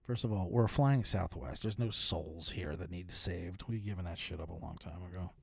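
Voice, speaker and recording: A man's voice: low voice, normal speed, gravelly, darkish tone, breathy edge, no echo, studio quality. A man hosting a podcast, riffing in a casual, profane, comedic storytelling style with frequent laughs. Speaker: podcast host. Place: touring, recorded while traveling.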